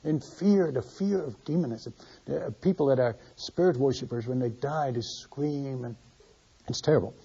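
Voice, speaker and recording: A man's voice: mid-range voice, moderate pace, mellow, breathy edge. An older man, a missionary preacher, telling a story in a sermon. He speaks animatedly, repeats words and acts out the dialogue. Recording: muffled lo-fi recording.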